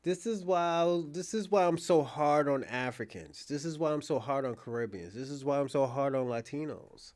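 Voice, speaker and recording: Blunt, higher-voiced man hosting a stream. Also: normal speed, few pauses. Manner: blunt, profane, talks directly to a chat viewer; animated, repeats and restarts phrases while thinking aloud. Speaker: show host. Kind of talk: casual live-stream commentary.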